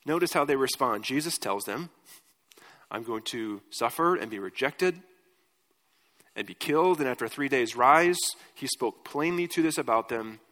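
A man's voice: fairly high pitch, fairly bright tone. Conversational man preaching in a reverberant hall. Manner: conversational preaching with fillers and questions to the congregation. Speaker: pastor. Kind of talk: sermon.

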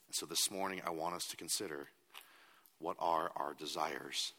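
A man's voice: extremely low pitch, fairly even intonation, moderate pace, sharp tone, slightly rough, long reverb tail. A man preaching a sermon as a pastor, earnest and at times emphatic.

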